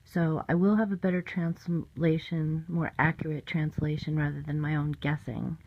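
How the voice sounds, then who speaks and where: A woman's voice: low voice, fairly even intonation, normal speed, dry recording. A woman vlogger giving a matter-of-fact explanatory voice-over. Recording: dull lo-fi audio.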